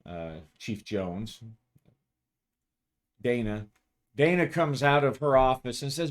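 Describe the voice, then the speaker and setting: A man narrating his own solo tabletop game in a loose, casual voice. He chuckles often and restarts his sentences as he goes, at a middle pitch. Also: animated, takes it slowly. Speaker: game master.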